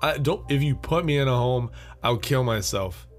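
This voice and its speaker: A man's voice: mid-range voice, animated, moderate pace, faint music behind. A young man hosting a solo podcast, rambling casually, laughing at his own jokes and swearing freely. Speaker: podcast host.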